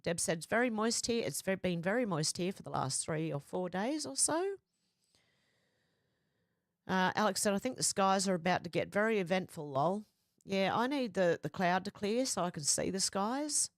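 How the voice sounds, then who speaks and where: An Australian woman hosting a livestream, chatting casually and reading viewer comments aloud in a lively quoting voice. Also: medium pitch, normal speed, no echo, studio quality. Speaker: livestream host.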